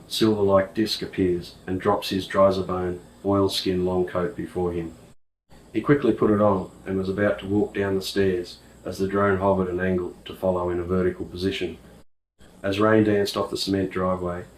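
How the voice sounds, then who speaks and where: A man narrates a story in a very deep, flat voice. He reads slowly and evenly, from a distance in an echoey room with a faint hiss behind. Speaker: audiobook narrator. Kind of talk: scripted narration.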